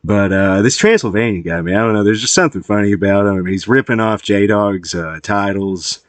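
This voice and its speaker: A man giving casual, meandering commentary to his viewers, swearing often and filling pauses with "uh" and "like.". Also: fairly low pitch, no echo. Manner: profane, meandering, heavy with fillers. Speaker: YouTube commentator.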